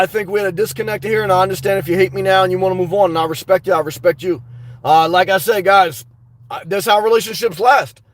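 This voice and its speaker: A man's voice: sits high, dry recording. A man hosting a livestream, reading live chat aloud in a rambling, earnest way and calling his viewers guys and man. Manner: rambling, earnest, repeats words.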